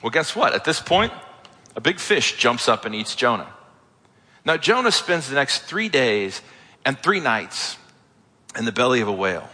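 A man's voice: medium pitch, big pitch swings, moderate pace, pauses often, sharp tone, breathy edge. A man preaching a sermon as a pastor, retelling a story in a casual, conversational way with asides. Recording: echoey hall.

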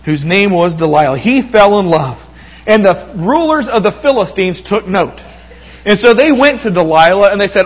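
High-voiced man preaching a sermon. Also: moderate pace, poor audio. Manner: storytelling, retelling scripture with lively quoted voices.

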